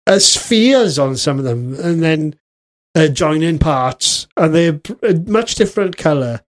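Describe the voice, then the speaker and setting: A man co-hosting a casual podcast, rambling and joking in a deadpan way. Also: fairly high pitch, measured pace. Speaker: podcast co-host. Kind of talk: casual chat.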